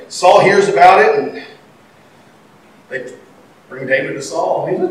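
A man preaching a sermon in folksy, animated storytelling style, breaking into sudden shouts. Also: a little high, a little slow, pauses often, a little hiss or hum. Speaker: pastor. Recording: echoey hall, mic far off.

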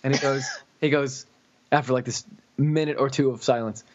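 A man's voice: medium pitch, fairly even intonation, normal speed, darkish tone, muffled recording. A man from Florida telling a long story on a casual podcast, rambling with lots of "like" and "you know". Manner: rambling, full of "like" and "you know", laughing at his own story. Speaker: podcast co-host.

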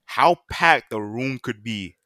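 A young man in casual podcast chat, telling animated, slang-filled stories about college parties. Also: mid-range voice, slow pace, no room sound, clean studio sound. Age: young adult. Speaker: podcast co-host.

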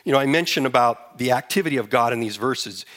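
A man preaching from the pulpit, steady mid-range voice with earnest emphasis. He reads scripture and breaks it down verse by verse for his congregation. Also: mid-range voice, fast. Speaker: pastor. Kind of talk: sermon.

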